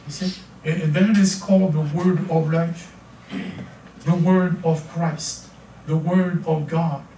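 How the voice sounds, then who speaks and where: A man's voice: a little high, steady tone, slow, warm tone, a little hiss or hum. An older man with a French accent, preaching a sermon as pastor, often stammering and repeating words as he restarts. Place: church hall. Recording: echoey church from far off.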